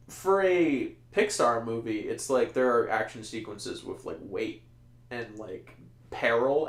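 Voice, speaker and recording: Rambling man in an echoey room. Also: fairly high pitch. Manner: rambling, animated, laughs often. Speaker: podcast co-host. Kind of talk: casual movie review chat.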